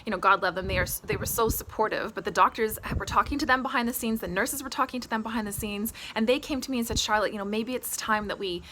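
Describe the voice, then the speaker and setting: A woman's voice: fairly high pitch, fast talker, hardly any pauses, noisy background. A woman telling her own health story to camera in a candid, emphatic way. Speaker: health vlogger.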